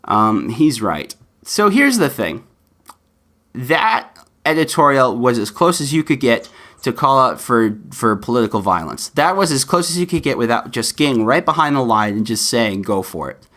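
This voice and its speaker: A man's voice: mid-range voice, sing-song, normal speed, fairly bright tone. A man hosting a solo podcast, talking earnestly and pleading with listeners, with plenty of fillers along the way. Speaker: podcast host.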